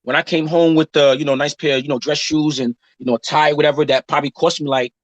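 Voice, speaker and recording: A man's voice: fairly high pitch, quick pace, dry recording, muffled recording. A man in his thirties co-hosting a casual chat show, telling stories and acting out the people he quotes. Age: 30s. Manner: animated storytelling, acts out quotes. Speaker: podcast co-host.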